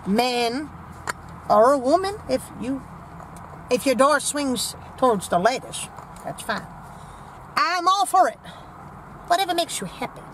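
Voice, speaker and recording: A woman's voice: sits high, expressive, unhurried, pauses often, a bit bright, slight background noise, poor audio. A woman playing a vain, brash old granny character, rambling with sassy, crude asides from inside a parked car. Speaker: comedy vlogger in character.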